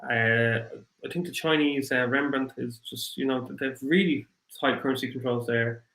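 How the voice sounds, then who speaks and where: A man with an Irish accent hosting a casual livestream, rambling and apologetic, his voice getting rough after hours of talking. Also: mid-range voice, steady tone, moderate pace, fairly bright tone, echoey room, rough recording. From Ireland. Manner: rambling, apologetic, thinks aloud with many fillers. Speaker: crypto livestream host. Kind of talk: casual livestream chat, reading viewer comments.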